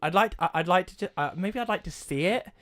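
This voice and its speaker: A young man co-hosting a casual podcast, rambling and restarting as he tells gaming stories, getting loud and laughing when excited. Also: high-pitched, fast, no room sound, clean studio sound. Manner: rambling, self-correcting storyteller who gets loud and laughing when excited. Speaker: podcast co-host. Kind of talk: casual chat. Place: home studio, dry close mic. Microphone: close podcast mic.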